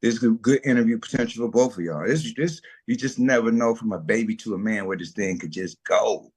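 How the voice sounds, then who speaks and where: A man's voice: on the low side, a little fast, slightly rough. A middle-aged man telling his food business story in a casual interview, acting out the voices of people he quotes. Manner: animated storyteller, acts out quotes, slangy. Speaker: food truck owner, guest.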